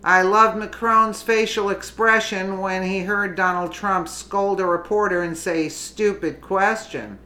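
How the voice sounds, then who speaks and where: A woman's voice: medium pitch, level tone, measured pace, few pauses, bright, forceful tone. A woman giving opinionated political commentary, indignant and emphatic, often restarting her sentences.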